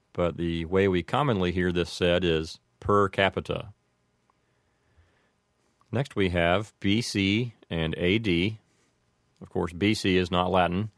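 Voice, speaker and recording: Very deep-voiced man teaching. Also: dry recording, studio quality. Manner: measured, methodical, contrasts pronunciations. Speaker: Latin pronunciation teacher. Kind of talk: explanatory lesson.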